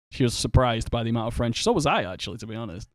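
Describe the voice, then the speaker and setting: A man's voice: medium pitch, no room sound. A man with a Northern English accent talks loosely over a live game stream, rambling from tactics into stories and laughing easily. His voice sits in an ordinary middle register. The recording is close and dry, with no room sound. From England. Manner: chatty, rambling, quick to laugh and swear. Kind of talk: casual live-stream chat while gaming.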